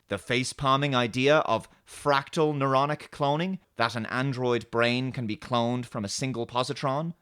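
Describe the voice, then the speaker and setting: Sarcastic, animated male reviewer. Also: mid-range voice. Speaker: host. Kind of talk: ranting review commentary.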